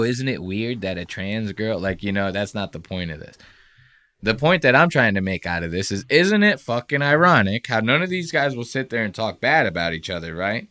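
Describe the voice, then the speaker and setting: A male podcast host riffing in casual commentary, cursing freely and mocking the people he talks about. His voice comes across bright and forceful. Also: on the low side. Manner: profane, animated, mocking impressions. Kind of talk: casual commentary reacting to clips.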